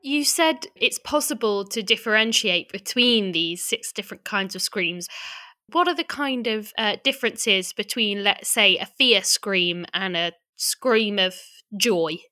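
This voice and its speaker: Bright-voiced woman interviewer. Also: medium pitch, lively intonation, unhurried. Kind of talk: interview questions.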